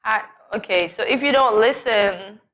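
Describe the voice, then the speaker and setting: A woman co-hosting a morning talk show, animated and exclaiming as she chats. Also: a little high. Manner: animated and exclaiming, quick to laugh. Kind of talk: casual studio banter. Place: TV studio.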